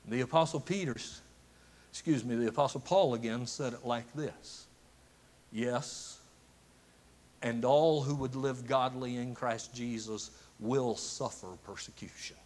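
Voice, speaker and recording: A man preaching a sermon, with long dramatic pauses, sometimes dropping to a hushed near-whisper on key words. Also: medium pitch.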